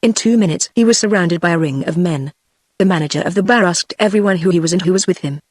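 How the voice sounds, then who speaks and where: A text-to-speech woman's voice with a British English accent, reading an audiobook in an even, measured way. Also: lowish voice, no room sound. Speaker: audiobook narrator. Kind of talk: synthetic audiobook narration.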